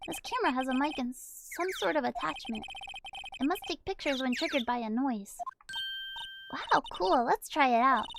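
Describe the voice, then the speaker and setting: A woman's voice: sits high, animated, normal speed, creaky, very noisy. A woman streamer playing a video game, playful and giggly, reading the game's dialogue aloud. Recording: game music playing behind.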